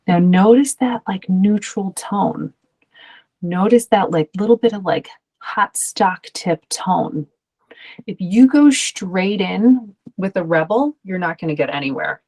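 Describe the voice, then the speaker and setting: A woman's voice: mid-range voice, animated, slow, a little mellow. A woman coach talking to parents in a chatty, loose way, full of ums and restarts, acting out the voices she quotes. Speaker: ADHD coach.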